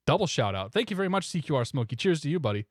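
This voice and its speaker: A man streaming a flight simulator, chatting casually and in a relaxed way with viewers, often chuckling. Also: on the high side, rapid-fire, dry recording, studio quality. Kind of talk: casual live-stream chat.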